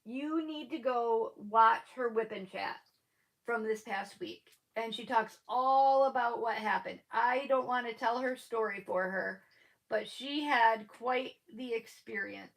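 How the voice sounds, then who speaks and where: Slow, gravelly woman with a lisp. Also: on the high side, poor audio. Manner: rambling, chatty, laughs often. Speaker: live-stream host. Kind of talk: casual chat with live viewers.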